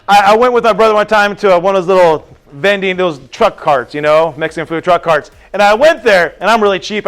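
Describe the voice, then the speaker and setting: Animated high-voiced male teacher. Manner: animated, storytelling with quick questions to students. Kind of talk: classroom lecture. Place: classroom.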